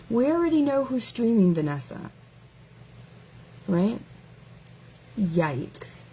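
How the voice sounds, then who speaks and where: Slow, mellow-voiced sarcastic woman. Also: a little high, very animated, slightly rough, low-quality recording. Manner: sarcastic, taunting rhetorical questions. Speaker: live-stream host. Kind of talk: casual reaction live stream.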